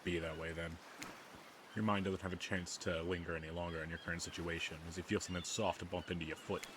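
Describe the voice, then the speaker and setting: A man's voice: low-pitched, fairly even intonation, quick pace, background noise. A man reading a dating game's text aloud and adding wry, self-deprecating comments. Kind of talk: let's play reading and commentary. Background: game music.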